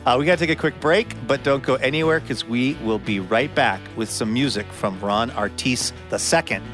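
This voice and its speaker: A man hosting a radio show, introducing acts and reading thanks and sponsor messages in a friendly, measured way. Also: medium pitch. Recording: radio studio voice with music underneath.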